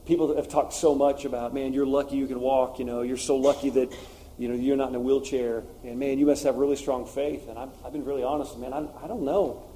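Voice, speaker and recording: A man's voice: mid-range voice, steady tone, brisk, warm tone, slight background noise. A man preaching a sermon, telling personal stories in an earnest, confessional way with frequent fillers.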